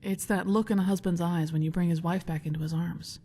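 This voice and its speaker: A woman voicing an idealistic female guild leader in a game, earnest and measured. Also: fairly low pitch, steady tone, mellow, breathy edge, big-room sound. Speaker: game character.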